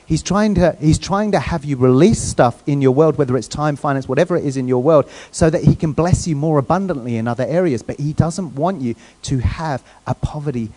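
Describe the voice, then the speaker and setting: A man preaching a sermon in a church in a relaxed, conversational way, often checking in with the congregation. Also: on the high side, fairly quick, hardly any pauses. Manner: conversational, asks the crowd questions, restarts often. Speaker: guest preacher.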